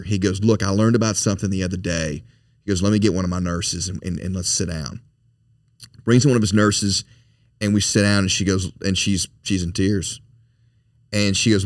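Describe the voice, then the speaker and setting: A man's voice: sits low, fairly even intonation, normal speed, dry recording, studio quality. A man, a foundation president, speaking as a podcast guest in an earnest, storytelling way, often repeating and restarting his words. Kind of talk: conversational interview storytelling.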